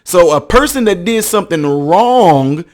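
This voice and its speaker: A man's voice: fairly high pitch, fast. A man hosting a commentary video, talking emphatically, acting out quotes and checking that listeners follow him. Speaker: ministry counselor.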